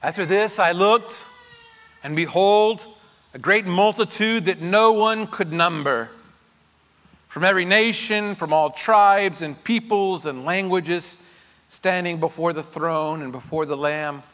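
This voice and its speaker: A man preaching in a church, his high, bright voice ringing through a large reverberant room. He swings from soft, conversational reflection to loud, driving emphasis on key lines. The tone is earnest and rousing. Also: unhurried. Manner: builds from quiet reflection to shouted emphasis. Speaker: pastor. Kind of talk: sermon. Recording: long hall reverb.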